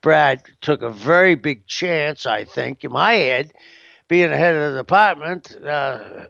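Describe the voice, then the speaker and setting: A man telling stories in a casual interview, drawling slowly in a somewhat high, gravelly voice. He rambles and hesitates, tossing in "you know what I mean" often. The recording is dry and dull. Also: animated, sharp tone, dry recording. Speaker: interview guest.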